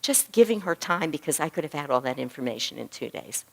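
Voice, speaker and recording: Lively storytelling woman, lower voice. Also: fast talker, gravelly. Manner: animated storyteller who acts out dialogue. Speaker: physician and spiritual teacher. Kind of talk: storytelling lecture to a class.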